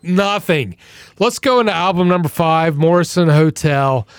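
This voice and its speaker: A man co-hosting a podcast in casual chat, blunt and swearing freely, with a lot of swing in pitch and pace. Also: normal speed, smooth, no echo. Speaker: podcast co-host.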